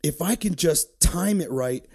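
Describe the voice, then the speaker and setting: A male comedian from Detroit telling a story as a podcast guest, profane and excitable, laughing as he talks. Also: fairly high pitch, a little slow, husky. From Detroit, USA. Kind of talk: animated comic storytelling.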